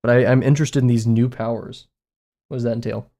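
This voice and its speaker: This art streamer is a young man with a mellow, medium-pitched voice, a steady tone, and a quick pace. While drawing live, he rambles to his viewers in a casual, self-mocking way, addressing chat directly.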